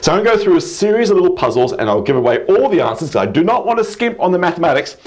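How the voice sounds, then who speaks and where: A man teaching a math lesson at a whiteboard, enthusiastic and quick to exclaim over the beauty of the ideas. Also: on the high side, very animated.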